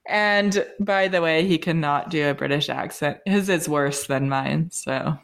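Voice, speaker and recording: A woman co-hosting a podcast, chatting casually and telling stories with frequent giggles. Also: low-pitched. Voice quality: quick, giggly storytelling. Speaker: podcast co-host. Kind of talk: casual chat.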